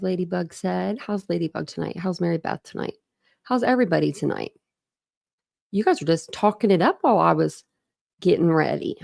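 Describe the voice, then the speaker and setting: A woman's voice: lowish voice, vocal fry, a little mellow, dry recording, studio quality. A woman hosting a casual livestream, chatting with viewers, greeting them by name and laughing often. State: a bit out of breath. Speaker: livestream host. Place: small room at home with dogs.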